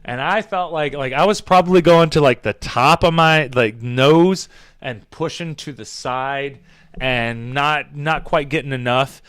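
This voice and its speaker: Male podcast host, high and bright, rambling comic storyteller who swears casually. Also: unhurried, clean tone. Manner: rambling, animated, many fillers and restarts.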